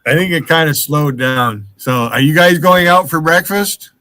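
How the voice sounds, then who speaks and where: A man's voice: on the high side, normal speed, bright, forceful tone, no echo. A man in his sixties hosting a casual live stream chat, joking and laughing at himself. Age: 60s. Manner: laughs often, self-mocking.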